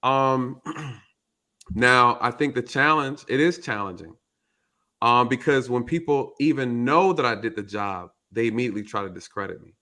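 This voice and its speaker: A man's voice: medium pitch, moderate pace, sharp tone. A man who is a retired police officer, hosting a casual commentary show, emphatic and repeating his key points.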